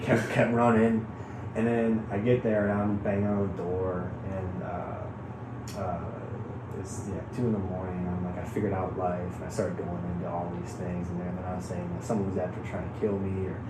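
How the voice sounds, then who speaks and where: A man from Chicago telling a wild personal story in casual chat, animated, laughing often and swearing freely. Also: low voice, moderate pace, reverberant, noisy background. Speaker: guest.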